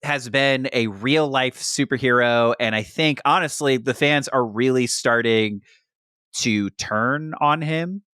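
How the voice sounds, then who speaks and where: A man co-hosting a podcast, telling a story with lively, quoted voices in casual chat. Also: mid-range voice, slow pace, smooth, no echo, clean studio sound. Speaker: podcast co-host.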